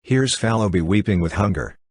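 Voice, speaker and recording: Hearty teasing painter, read by a man, low husky voice, dry sound. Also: animated, fairly quick, no echo.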